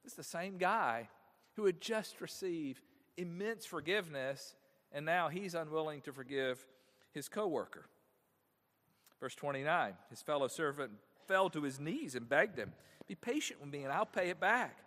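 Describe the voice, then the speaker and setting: A male pastor preaching a sermon, reading scripture aloud and pressing his points with questions, his voice swelling loud on key words and dropping soft at the ends of thoughts. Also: fairly high pitch, moderate pace. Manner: animated preaching with wide swings in loudness. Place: church sanctuary. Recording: long reverb of a church sanctuary.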